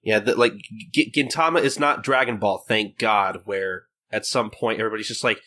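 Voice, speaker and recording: Bright-voiced man in casual podcast chat. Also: fairly low pitch. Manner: acts out manga characters in quick bursts, laughing often. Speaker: podcast co-host.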